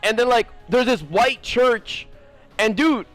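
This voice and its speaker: A man's voice: very high-pitched, slow pace, a bit bright, soft background music. A man casually telling a rambling story to his viewers, full of fillers and swearing. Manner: rambling, profane, lots of fillers. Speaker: gaming streamer.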